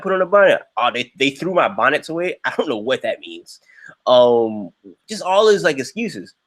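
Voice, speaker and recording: A young man hosts a livestream and tells a long story in a loose, chatty way. His voice leaps up high whenever he acts out what someone said. His pitch sits in a middle register but moves around a lot. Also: moderate pace. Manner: animated, jumps into high quoted voices. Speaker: livestream host. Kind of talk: casual storytelling.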